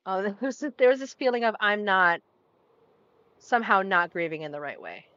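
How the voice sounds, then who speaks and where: A young woman chats as she plays a game, drifting off mid-thought and circling back to what she was saying. Her voice sits at an ordinary middle pitch. The sound is close and dry, with no room around it. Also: expressive, normal speed, sharp tone, dry recording, lo-fi sound. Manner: rambling, distracted, trailing off and restarting. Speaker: gaming streamer. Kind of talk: casual commentary while playing.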